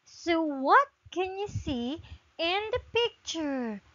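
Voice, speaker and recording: A woman teaching English to a child in an online class, praising often and drawing her words out in a slow sing-song way. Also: extremely high pitch, very animated, fairly bright tone, no echo, highs cut off.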